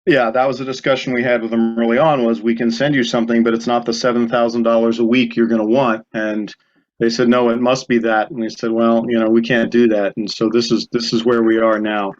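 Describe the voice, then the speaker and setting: Board member, male, monotone, correcting details, dull call audio. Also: mid-range voice, brisk. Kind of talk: business meeting discussion. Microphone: video call.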